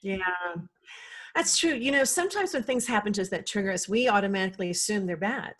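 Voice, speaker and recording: A woman's voice: mid-range voice, lively intonation, fast, a bit bright. A woman guest on a podcast, a life coach talking casually and with animation, acting out quoted voices and laughing easily. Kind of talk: casual conversational interview.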